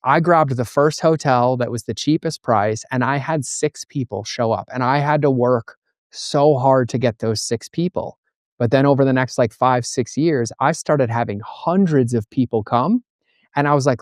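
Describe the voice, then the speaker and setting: A middle-aged man, a guest entrepreneur and coach, telling lively stories and acting out dialogue in a conversational interview. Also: mid-range voice, normal speed, no room sound, clean studio sound. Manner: animated storyteller acting out dialogue.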